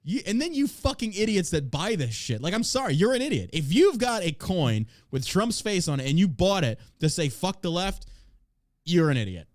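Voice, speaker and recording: A male podcast host rants with a sarcastic, profane edge. His voice swings widely in pitch and sits a touch high for a man. The recording is close and dry. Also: very animated, moderate pace, dry recording. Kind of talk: casual political rant.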